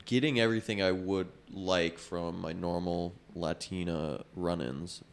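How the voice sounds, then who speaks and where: Man, fairly low voice, relaxed blunt podcast co-host, casual storytelling. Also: a little slow, vocal fry, clear, resonant tone. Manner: laid-back, blunt storytelling. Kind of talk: casual chat.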